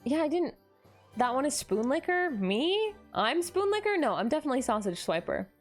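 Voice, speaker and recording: A woman streamer chatting casually on a live stream, gushing and excitable, often gasping in delight. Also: high-pitched, moderate pace, soft background music. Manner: gushing and excitable, frequent gasps.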